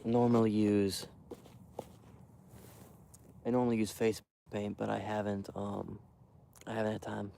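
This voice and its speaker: A young man quietly rambling to his live stream while hunting outdoors in the cold wind, full of fillers and restarts. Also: on the low side, monotone, unhurried, creaky, long pauses. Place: outdoors in a windy field edge.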